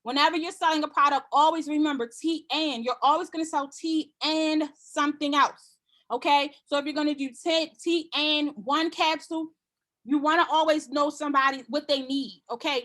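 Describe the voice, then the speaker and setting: Bright high-voiced woman training a sales team. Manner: confident, repetitive, acts out customer dialogue. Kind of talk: casual sales training talk.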